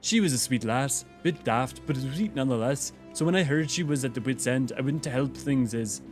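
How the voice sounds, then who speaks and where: A man voicing a homely, chatty townsfolk character in a fan reading of game dialogue, slow and quiet. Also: mid-range voice, soft background music, lightly acted. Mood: fond.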